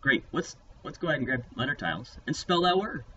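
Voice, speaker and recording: A man's voice: medium pitch, very animated, fast talker, music in the background. A man teaching young children a phonics lesson in a playful, upbeat way. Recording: distant mic, dull lo-fi sound, faint noise.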